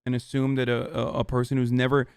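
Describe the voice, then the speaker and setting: A man streaming live, ranting heatedly at his chat with lots of swearing and halting restarts. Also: medium pitch, completely flat delivery, clear, resonant tone, no room sound, clean studio sound. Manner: profane, agitated, halting restarts.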